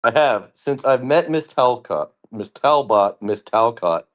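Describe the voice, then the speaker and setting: A man reading a woman plaintiff's court testimony aloud in a deliberately low monotone voice. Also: lightly acted. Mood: flat. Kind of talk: comedic court transcript reading.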